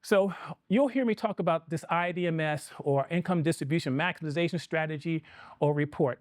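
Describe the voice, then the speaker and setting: A middle-aged man talks through a live seminar with an energetic, conversational delivery and keeps putting questions to the room. His voice sits a bit high for a man, and the sound is dry and close, with little room reflection. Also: no room sound. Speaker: financial planning presenter.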